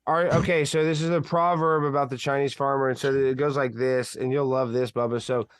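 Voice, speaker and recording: Animated, rambling man in talk-radio banter. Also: mid-range voice, a little fast, smooth, no echo, studio quality.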